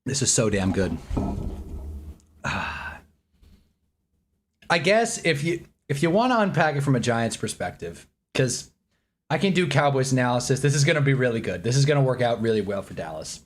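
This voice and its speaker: A man's voice: medium pitch, sing-song, moderate pace, long pauses. Annoyed man ranting on a live stream. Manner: rambling, annoyed and joking, talks while eating. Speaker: streamer reacting live to a football draft. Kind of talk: casual live-stream reaction.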